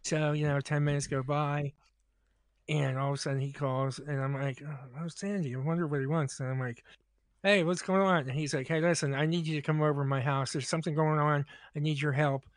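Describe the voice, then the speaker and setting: A man's voice: on the high side, steady tone, brisk, dry recording, clean studio sound. A man casually telling a long anecdote on a podcast, acting out both sides of the dialogue. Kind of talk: casual storytelling.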